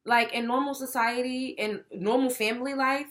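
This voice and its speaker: Young woman, bright voice, blunt, profane, animated commentary. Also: sits high, normal speed. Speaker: show host. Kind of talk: opinionated commentary.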